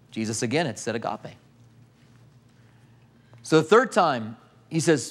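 A man's voice: mid-range voice, lively intonation, fairly quick. A man preaching a sermon, retelling a story vividly and asking his listeners questions.

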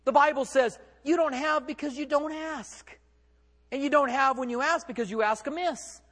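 A man's voice: very high voice, normal speed, fairly bright tone, big-room sound. A man preaching a sermon as pastor, conversational and emphatic, with rhetorical questions.

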